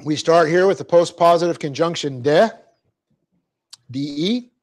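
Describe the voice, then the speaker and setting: A middle-aged man giving a classroom lecture on Greek grammar as a Bible teacher, explaining patiently, often checking in with his class and laughing at his own slips. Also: fairly high pitch. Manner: light-hearted, quick to laugh at himself. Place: church classroom.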